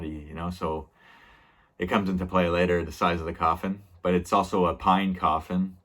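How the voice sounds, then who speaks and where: A man's voice: deep voice, fairly even intonation, moderate pace, a bit bright. A man casually recapping a TV episode as a reviewer, rambling with many fillers and small laughs.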